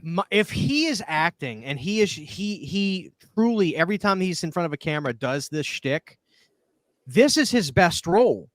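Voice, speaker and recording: A man hosting a podcast chats in a slightly higher voice, telling stories with lots of laughter and restarts. The sound is dry and close, with no room around him. He builds each anecdote with growing excitement. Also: moderate pace, no echo. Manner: animated storyteller, laughs a lot, repeats words. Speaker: podcast host. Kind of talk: casual chat. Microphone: studio microphone.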